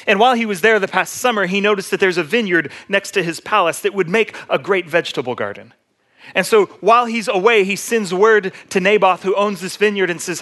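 A man with a fairly high voice preaches a sermon. He retells scripture in a casual, conversational storytelling manner and speaks to his congregation as if chatting with friends. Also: brisk, a bit bright. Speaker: pastor.

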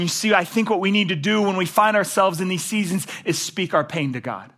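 A man preaching a sermon, animated, swinging between loud emphatic passages and low quiet ones. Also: brisk, few pauses. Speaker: pastor.

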